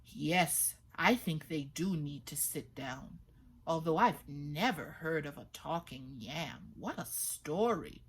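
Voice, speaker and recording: A woman voicing a talking river in a folktale, speaking low and quietly. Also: lively intonation, slow, husky, heavily acted. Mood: gentle. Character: gentle murmuring river spirit.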